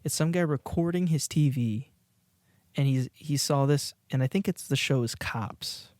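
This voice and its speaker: A man co-hosts a podcast in loose, casual chat, laughing often and restarting his sentences. His voice sits at a middling pitch. The recording is dry and close, with no room echo. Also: normal speed, darkish tone. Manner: rambling, laughing, many restarts. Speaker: podcast co-host. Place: indoors, watching a video while recording.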